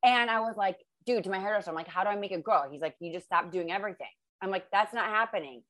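A woman's voice: medium pitch, fast, fairly bright tone. A woman podcast host asking casual, rambling questions that keep interrupting themselves.

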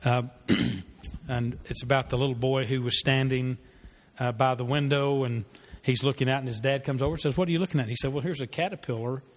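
Speaking fairly quickly with fairly even intonation, a man with a mid-range voice teaches a church parenting class as its pastor. His sermon-style lesson includes a story, delivered earnestly and conversationally with fillers and restarts, all under long hall reverb.

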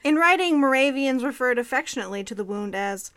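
A woman's voice: a little high, steady tone, brisk, few pauses, fairly bright tone. A woman co-hosting a history podcast, reading scripted narration with dry, amused asides. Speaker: podcast co-host.

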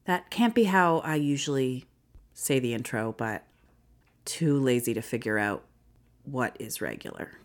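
A woman's voice: rumbling low, animated, measured pace. A young woman from Canada hosting a casual solo podcast, rambling and chatty with frequent swearing, sounding tired. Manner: rambling, chatty, profane, self-deprecating. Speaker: podcast host.

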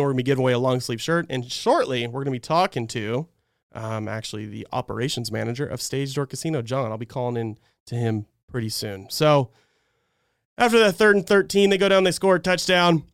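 A man's voice: medium pitch, a little fast, smooth, dry recording, clean studio sound. A man hosting a live fan stream, breaking down a game in a heated, exasperated rant. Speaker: fan channel host.

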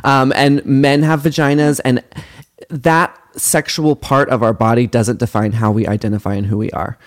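A man who performs in drag, speaking as a podcast guest in an earnest, expressive way with small restarts. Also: mid-range voice, moderate pace. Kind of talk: casual interview conversation.

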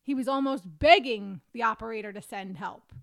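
A woman co-hosting a podcast, narrating case details and quotes in a steady reading manner. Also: on the high side, normal speed, gravelly. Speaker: podcast co-host.

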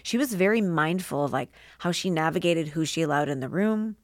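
A woman's voice: low voice, animated, brisk, dry recording, studio quality. A woman speaking as a podcast guest, heartfelt and open, sometimes tearful and often laughing as she talks. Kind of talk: emotional interview conversation.

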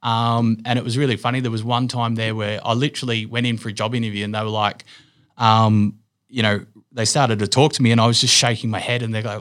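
A man's voice: medium pitch, level tone, brisk, a bit bright. A middle-aged Australian man, a business owner being interviewed, telling stories casually with lots of fillers and restarts.

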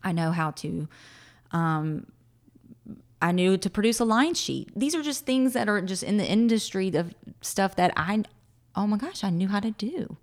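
A woman in her thirties, a podcast guest, telling a personal story with animated voices for her past self and frequent laughter. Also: mid-range voice, moderate pace. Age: 30s. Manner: animated, acts out her own past words, laughs often. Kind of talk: emotional personal storytelling in an interview.

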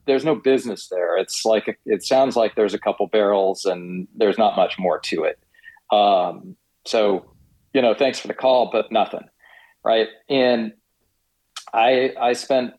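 A middle-aged man, a company founder guesting on a podcast, telling his story hesitantly with many pauses. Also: fairly low pitch, a little mellow, poor audio. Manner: hesitant, many fillers and restarts. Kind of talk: casual podcast interview.

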